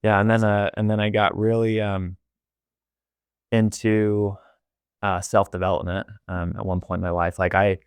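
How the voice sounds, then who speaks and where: Young male podcast guest, deep and gravelly, candid and rambling, dry close mic. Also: little pitch movement, normal speed, no room sound. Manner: candid, rambling, heavy use of filler "like". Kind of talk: casual interview storytelling.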